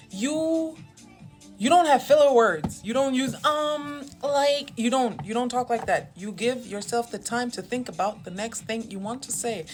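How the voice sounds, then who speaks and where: A young woman chatting casually through a tarot reading in a rambling, self-mocking way. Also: medium pitch. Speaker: tarot reader.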